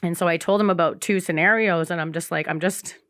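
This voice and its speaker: A woman's voice: fairly low pitch, quick pace, fairly bright tone, no echo, studio quality. A woman guest on a podcast, speaking candidly in casual chat and acting out quotes as she tells her story.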